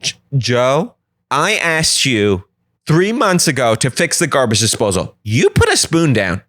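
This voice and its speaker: A man voicing a scheming suburban wife who makes calm, matter-of-fact threats. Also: mid-range voice, measured pace. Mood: menacing.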